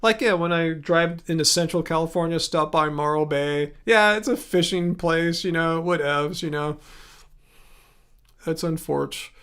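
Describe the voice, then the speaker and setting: A man hosting a casual livestream from his home studio, chatting with viewers and reading their comments aloud, thinking out loud with frequent restarts. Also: a little high, steady tone, normal speed, smooth. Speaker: livestream host.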